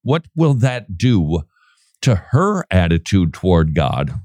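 A man's voice: deep voice, takes it slowly, no room sound. Guy ranting sarcastically, voice jumping all over, dry close sound. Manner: sarcastic, animated, laughs often. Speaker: podcast host. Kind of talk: casual commentary.

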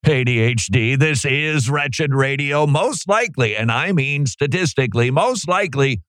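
A man hosts a radio talk show in a mid-pitched voice, breaking into played clips with sarcastic, joking asides. The studio sound is dry and close. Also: lively intonation, normal speed, fairly bright tone, no room sound.

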